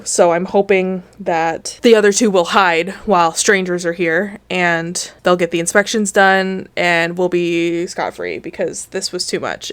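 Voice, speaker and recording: A woman hosting a game video, chatting casually with rambling, candid storytelling and a tired, low-energy tone. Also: dry recording. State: tired, low energy after an emotional day. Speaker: gaming video host. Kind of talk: casual chat while playing a game.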